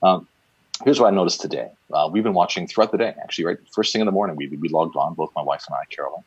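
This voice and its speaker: A man's voice: low-pitched, racing, breathy edge, dry recording. A man who is a photographer and storyteller, talking casually and with self-deprecating humor on a video call. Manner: animated, self-deprecating, laughing as he talks. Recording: dry, slightly dull video-call audio.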